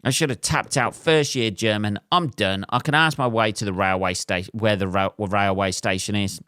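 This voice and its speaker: An English man talks alone on his podcast, drifting from thought to thought with wry, self-deprecating jokes and frequent ums. His voice sits a little low and comes across smooth and clean. The sound is dry and close, with no room around it. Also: steady tone, normal speed, a bit bright, no room sound. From England. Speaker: podcast host. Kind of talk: solo rambling podcast monologue.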